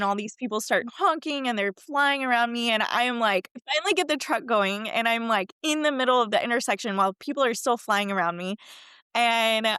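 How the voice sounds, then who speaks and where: A middle-aged woman, a fitness and wellness coach, telling a personal story in a casual interview, chatty and animated, acting out the voices she quotes. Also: a little high, clear, resonant tone, no room sound, clean studio sound.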